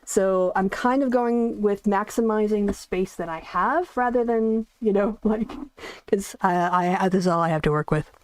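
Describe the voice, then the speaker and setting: A woman's voice: medium pitch, moderate pace, darkish tone. A woman hosting a casual livestream from her bedroom, chatting in a rambling way and laughing often. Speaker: host. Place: bedroom, sitting on bed. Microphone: soundproofed desk mic.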